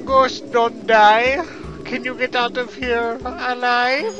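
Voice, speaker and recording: A man voicing a creepy, taunting male ghost in a slow, drawn-out singsong, with video game music behind. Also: very high-pitched, fairly even intonation, lo-fi sound, voice pushed up.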